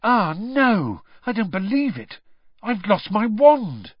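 A man's voice: medium pitch, animated, drawn-out words, no echo, lo-fi sound. Brief: edgy hot-tempered schoolboy wizard, read by a man, audiobook. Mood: tense. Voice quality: snapping and agitated. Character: tense teenage boy wizard, hot-tempered.

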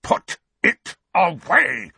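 Man voicing a bullying middle-aged uncle, snarling, strained raised voice, husky, dry storybook reading. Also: mid-range voice, big pitch swings, measured pace, a bit bright, no echo, voice pushed up, heavily acted.

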